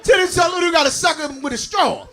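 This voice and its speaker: A man doing a stand-up comedy routine on stage, boisterous and talking straight to the audience, laughing through his lines and shouting his punchlines. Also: very high voice, quick pace.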